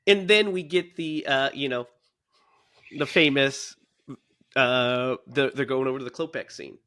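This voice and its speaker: A man in his thirties co-hosting a casual movie podcast, animated and laughing often as he recounts scenes. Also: mid-range voice, unhurried. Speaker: podcast co-host.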